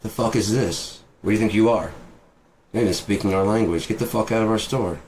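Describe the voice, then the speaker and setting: A man voicing a rude French shop worker who loudly and scornfully swears at a customer. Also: on the low side, quick pace, a little hiss or hum, voice pushed up, close to an everyday voice, low-quality recording.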